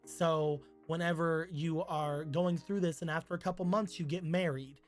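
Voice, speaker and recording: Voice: mid-range voice, fairly even intonation, moderate pace, soft background music. A streamer casually telling a rambling, crude made-up story on a live stream, with many "like"s.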